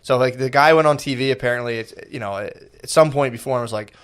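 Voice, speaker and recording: A man's voice: mid-range voice, fast, clean tone. A man co-hosting a podcast, telling rambling, profane stories in casual banter and laughing as he talks. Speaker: podcast co-host.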